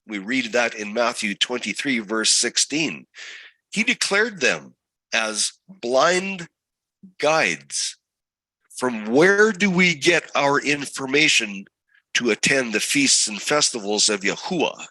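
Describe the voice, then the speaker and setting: A man leads a scripture study at a slow, deliberate pace. His voice is very bright and sharp, and the recording is dry and close. He keeps putting rhetorical questions to his listeners. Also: medium pitch, very animated, no room sound, poor audio. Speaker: Bible study teacher.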